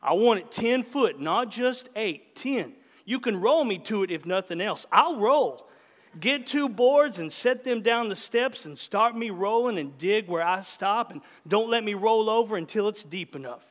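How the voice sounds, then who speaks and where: A man reading aloud and voicing a gruff, hearty old backwoods great-uncle with a gravelly voice who hollers and insists, in a long-reverb hall. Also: high voice, expressive, measured pace, pitched above the performer's own voice. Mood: insistent.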